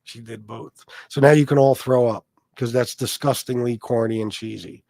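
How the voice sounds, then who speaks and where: A man holds forth on a casual livestream, swearing freely and telling stories in a blunt, streetwise way. His voice sits at an ordinary middle pitch. The sound is dry and close, with no room echo. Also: steady tone, moderate pace, warm tone. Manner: blunt, profane, storytelling. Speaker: livestream host reading chat.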